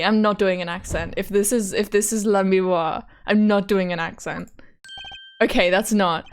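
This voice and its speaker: A woman's voice: medium pitch, steady tone, moderate pace, faint music behind. A young woman streamer giggling and swearing casually while playing and reading game dialogue aloud.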